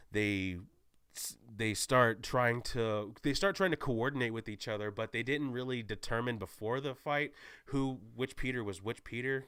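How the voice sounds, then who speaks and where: A man giving a casual, excited spoiler recap as a movie reviewer, rambling and correcting himself as he goes. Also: fairly low pitch, smooth, dry recording.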